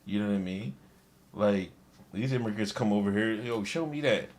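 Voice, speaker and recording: A man's voice: on the low side, moderate pace. A man casually reacting to a video on a stream, talking to his chat in a laid-back, profane way.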